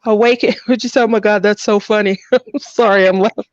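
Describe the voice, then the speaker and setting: A woman hosting a casual craft livestream, telling stories with frequent laughter and animated delivery. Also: mid-range voice, a little fast, no room sound, lo-fi sound. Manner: laughs often, animated storytelling.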